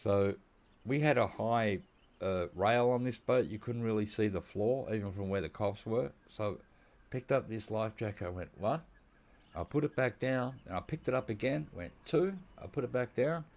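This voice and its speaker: This Australian-accented gaming YouTuber shares rambling, laughing stories full of quoted dialogue while he plays a hunting game. His voice is lowish and a little mellow, at a moderate pace.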